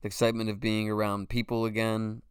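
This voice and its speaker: A man's voice: fairly low pitch, monotone, fast talker, smooth, no echo, studio quality. A man in his forties hosting a podcast alone, talking in a loose, rambling way, swearing freely and saying "you know" a lot. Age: 40s. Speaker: podcast host. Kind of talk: casual solo monologue.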